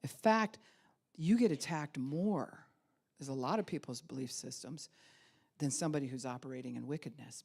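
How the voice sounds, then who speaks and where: A low-pitched middle-aged woman preaching in a church hall. She tells her story dynamically, pushing some phrases out loud and dropping others to a hush. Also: normal speed, gravelly, husky. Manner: dynamic storytelling, swinging from loud emphasis to hushed whispers. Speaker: pastor. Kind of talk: sermon.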